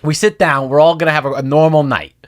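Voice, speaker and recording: A man's voice: fairly high pitch, steady tone, quick pace. A man co-hosting a podcast in casual chat, telling rambling stories and acting out quotes. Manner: rambling storyteller, acts out quotes loudly. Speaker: podcast co-host.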